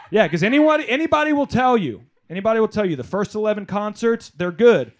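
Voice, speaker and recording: A man doing a stand-up comedy set on a club stage, telling animated stories, working the crowd and shouting some punchlines. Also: high voice, brisk, few pauses, a little hiss or hum.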